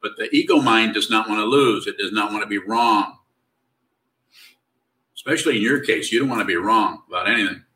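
A man leading a spiritual question-and-answer session, talking in a relaxed, conversational way with a wry, teasing edge. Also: fairly low pitch, fairly quick, far from the mic, poor audio. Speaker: meditation teacher. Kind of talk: spiritual Q&A teaching.

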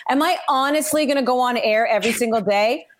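Animated woman broadcaster. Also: a little high, fast. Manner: animated storyteller who acts out others. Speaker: sports broadcaster. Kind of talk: casual podcast chat.

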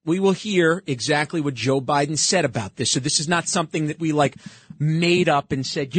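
A man's voice: on the high side, moderate pace, a bit bright, slightly rough, no room sound. A man hosting a talk show, commenting sarcastically on played clips and often cutting in.

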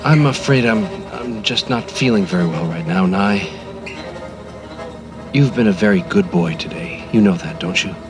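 A man's voice: normal speed, over music, close to an everyday voice. A man voicing a sad, secretive cloud maker. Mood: apologetic, weary. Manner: gentle and hushed, bursting into booming shouts.

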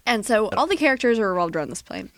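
A woman's voice: mid-range voice, big pitch swings, a bit bright, dry recording. A woman in mid register tells a film's plot in loose, friendly chat. She jokes, laughs easily and slips into little performed quotes, recorded close with no room sound. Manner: joking, quick to laugh, acts out quotes. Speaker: podcast co-host. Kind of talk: casual movie recap chat.

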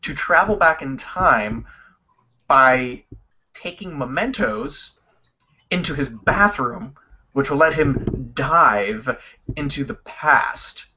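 A man co-hosting a casual video game chat, telling stories quickly with lots of swearing. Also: medium pitch, a little hiss or hum. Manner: animated, profane, quick storytelling. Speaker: podcast co-host. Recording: dull lo-fi sound.

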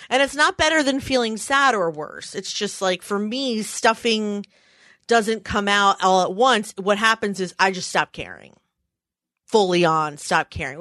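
A woman telling a story in casual chat, animated and full of fillers. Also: mid-range voice, dry recording, clean studio sound.

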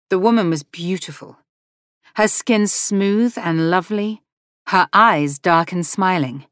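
A woman narrating a novel as an audiobook, gently voicing each character in the dialogue. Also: fairly low pitch, dry recording, clean studio sound. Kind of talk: scripted narration.

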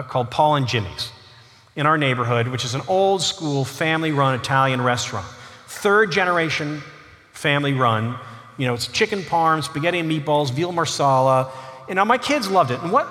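Man, middle-aged, author on stage, humorous storytelling, lively swooping pitch, long hall reverb. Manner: animated, self-deprecating, quick to laugh. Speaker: author giving a lecture. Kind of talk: humorous storytelling to a live audience.

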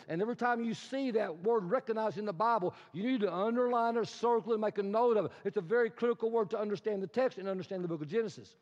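A man with a notably high voice preaches a sermon, spinning the story out with animated asides and rhetorical questions. A long echo carries his words across the church sanctuary, and the recording sounds dull and lo-fi. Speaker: pastor. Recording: reverberant hall, dull lo-fi sound.

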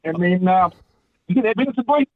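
A relaxed New Zealand man calling a talkback show over a tinny phone line. His voice is a touch higher than most men's, casual and matey, with a dry sound. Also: fast, no echo. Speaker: caller.

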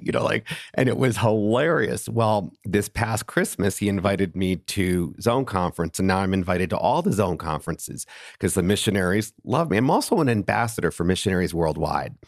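A man's voice: fairly low pitch, moderate pace, vocal fry, no room sound, studio quality. A man as a podcast guest, telling stories animatedly with many fillers and restarts. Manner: animated, lots of fillers and restarts, laughing storyteller. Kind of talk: casual interview storytelling.

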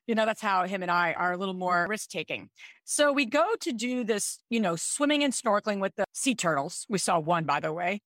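A woman in her thirties, a podcast co-host, telling a personal story in an animated, chatty way. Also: medium pitch, brisk, no echo, studio quality. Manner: animated, chatty, with frequent "like" and "I'm like". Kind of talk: casual storytelling chat.

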